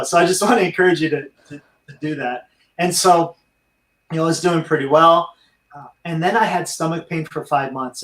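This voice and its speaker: A man's voice: fairly high pitch, a bit bright, roomy sound, low-quality recording. A middle-aged man, a veteran and dog trainer, telling his life story in an interview and speaking earnestly to listeners. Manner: earnest, addresses listeners as friends.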